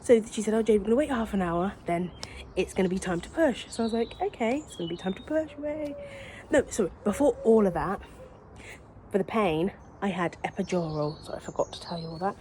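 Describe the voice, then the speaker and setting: A woman's voice: mid-range voice, fairly quick, dark tone, slight background noise. A young woman chatting casually to viewers about giving birth, rambling and often correcting herself. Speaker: new mother telling her birth story. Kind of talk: casual storytime vlog.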